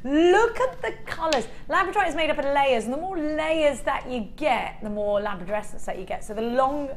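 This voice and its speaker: Woman, TV shopping presenter, bright high voice, chatty sales patter, faint room noise. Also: expressive, a little fast. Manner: chatty, upbeat, bubbly selling.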